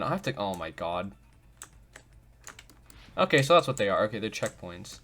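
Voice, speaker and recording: A gaming video host runs a let's play in a goofy, self-mocking way, joking about himself and talking to himself as he works things out. His medium-pitched voice is sing-song and a bit bright, at normal speed with frequent pauses.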